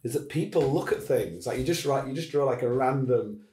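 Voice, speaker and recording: A man's voice: medium pitch, fairly quick, dark tone, roomy sound. A man hosting a casual chat, rambling and restarting his sentences. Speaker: podcast host.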